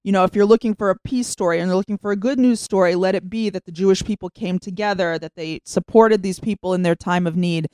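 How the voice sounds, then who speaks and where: A middle-aged woman co-hosting a radio talk, agreeable and measured in how she speaks. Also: mid-range voice, mellow, clear, resonant tone, dry recording. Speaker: radio co-host. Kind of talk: radio discussion.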